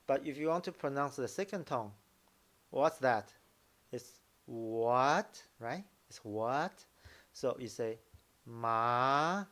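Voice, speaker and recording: A man teaching Mandarin tones in a casual lesson, explaining slowly and repeating example syllables. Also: mid-range voice, expressive. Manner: slow, repetitive explaining, drawing out example syllables. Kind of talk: casual language lesson commentary.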